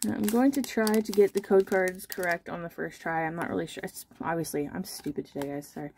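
A woman's voice: fairly low pitch, steady tone, a little fast, darkish tone, a little hiss or hum. A young woman chatting casually and self-deprecatingly while she opens trading card packs on her channel. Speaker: card-opening vlogger.

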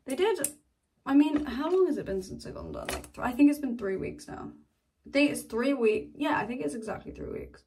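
A woman's voice: high-pitched, expressive, brisk, mellow, distant mic, slight background noise. A young woman in her twenties chatting casually in a home vlog, rambling, trailing off and swearing freely. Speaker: vlogger. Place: home, indoors.

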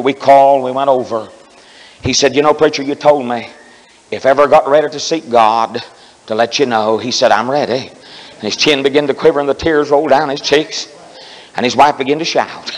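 A man preaching a camp meeting sermon, telling stories and rising into fervent shouts, recorded in a tabernacle. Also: on the high side, long reverb tail, low-quality recording. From Ohio.

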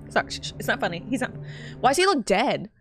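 A young woman giving animated, profane commentary as she plays a video game live, gasping and joking at the screen. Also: fairly high pitch. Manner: animated, swearing, often laughing and gasping. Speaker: streamer. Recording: game music playing behind.

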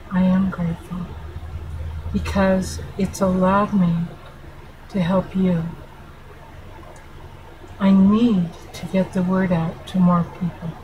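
Background noise accompanies this middle-aged woman's medium-pitched voice. As a family therapist running her own channel, she speaks to her audience directly, with earnest affection, in a heartfelt vlog.

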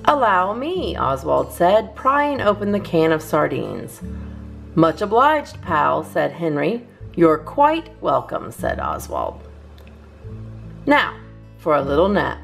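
Lively woman reading a storybook. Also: low-pitched, slow pace, vocal fry, faint music behind. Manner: lively, sing-song reading with cheerful character voices. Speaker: children's story reader. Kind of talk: read-aloud storytime.

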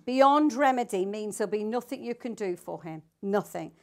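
A woman's voice: mid-range voice, lively intonation, moderate pace, few pauses. An older woman teaching the Bible to a small group, reading scripture aloud and asking her listeners emphatic questions.

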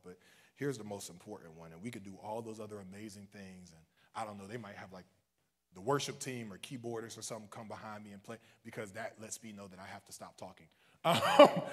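A male minister preaching a livestreamed sermon in a casual, joking way, swinging from soft asides to loud, high cries. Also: fast talker. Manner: casual and joking between points.

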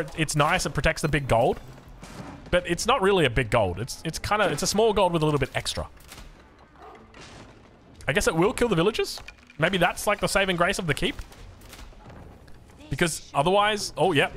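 A man's voice: on the high side, fairly bright tone. A young Australian man casting a strategy game match, jokey and full of puns. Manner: jokey, punning, self-deprecating. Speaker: game caster. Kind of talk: live match commentary.

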